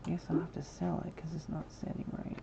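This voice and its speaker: A woman's voice: low-pitched, little pitch movement, fast, creaky, dull audio, noisy background. A woman hosting a live game stream, chatting casually and apologetically with her viewers and breaking into sudden exclamations. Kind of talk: casual livestream chat while building in a game.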